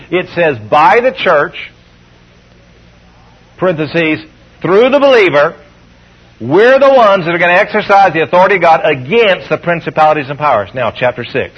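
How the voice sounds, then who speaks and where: A male preacher with a fairly high, husky voice delivers an expressive call-and-response sermon, slowing and rising in pitch when he reads scripture. The audio is dull and lo-fi, like an old radio broadcast.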